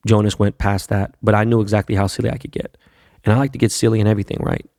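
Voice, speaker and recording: A man's voice: on the low side, fairly even intonation, very fast, gravelly, dark tone, dry recording, clean studio sound. A man hosting a podcast, telling a long, profane, rambling anecdote full of fillers. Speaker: podcast host. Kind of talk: casual storytelling monologue.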